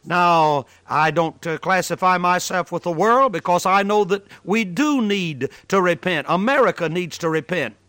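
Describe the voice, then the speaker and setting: A man's voice: high voice, normal speed, hardly any pauses, sharp tone, dry recording. A man preaching a sermon, telling a story in an earnest, emphatic way.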